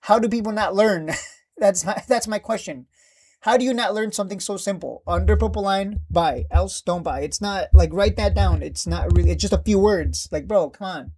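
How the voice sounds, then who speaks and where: A man's voice: high voice, moderate pace, warm tone, slightly rough. Guy ranting on a live trading stream, swears a lot, keeps repeating himself, fed up, desk mic. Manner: blunt, profane, exasperated, repeats himself.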